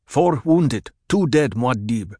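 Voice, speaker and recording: A man's voice: medium pitch, lively intonation, takes it slowly, a little mellow, no echo, clean studio sound, voice pushed up. A man doing a loyal desert warrior lieutenant. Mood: earnest. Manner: earnest, formal reporting. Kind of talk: audiobook character voice.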